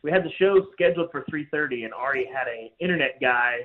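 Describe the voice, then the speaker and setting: A man with a medium-pitched voice talks fast as a guest calling into a sports radio show, chatty and wry, laughing at his own jokes. It's casual sports radio chat coming through a tinny phone line.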